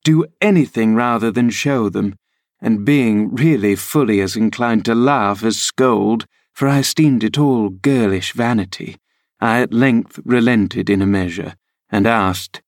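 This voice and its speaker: A man's voice: on the low side, dry recording, clean studio sound. Man reading a classic novel aloud. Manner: measured, steady reading. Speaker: audiobook reader. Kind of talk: scripted narration.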